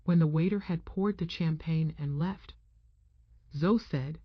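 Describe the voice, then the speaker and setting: A woman reading an audiobook as narrator, in a measured, even manner. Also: deep voice, breathy edge, no room sound. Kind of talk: scripted narration. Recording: dull, muffled dry sound.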